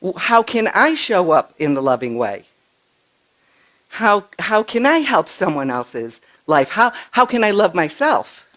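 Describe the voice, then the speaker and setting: An older woman minister giving a conversational sermon, telling stories in an animated way and often stumbling over and restarting her words. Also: mid-range voice, a little slow. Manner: chatty, animated storytelling with frequent restarts. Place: church sanctuary.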